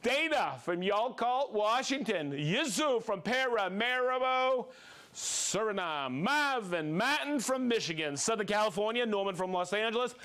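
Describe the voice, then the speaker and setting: A man with a high, bouncing voice hosts a live stream and rattles off viewers' names and hometowns. He sounds upbeat and playful. His pitch leaps around as he talks. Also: animated, fairly bright tone. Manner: upbeat, playful, reads names and places quickly. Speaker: host.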